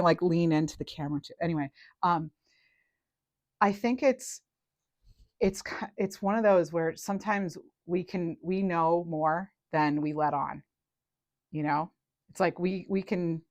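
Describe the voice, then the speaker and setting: A woman with a fairly low voice chats through a tarot reading, animated and full of little restarts. The sound is dry and close, with no room around it. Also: no room sound. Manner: chatty, animated, with many fillers and restarts. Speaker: tarot reader. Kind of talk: casual tarot reading to camera.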